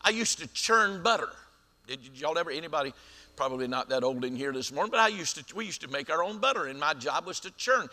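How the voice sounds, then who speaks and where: High bright preacher in a hall. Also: male voice, animated. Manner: preaching with drawn-out emphatic lines and quiet asides. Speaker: senior pastor. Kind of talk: sermon. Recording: reverberant church sanctuary.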